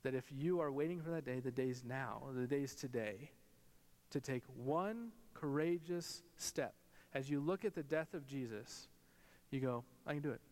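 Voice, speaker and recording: In a church sanctuary with long hall reverb, a thirtysomething pastor tells family stories in a conversational sermon. His darkish voice is unhurried, leaping upward when he quotes other people.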